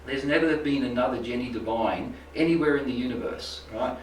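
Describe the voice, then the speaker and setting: A medium-pitched man speaks fairly quickly, giving a loose, rambling informal talk on spiritual healing to a small live group indoors and regularly asking "right?" and "make sense?". There's slight background noise, and the distant mic leaves the room sounding echoey.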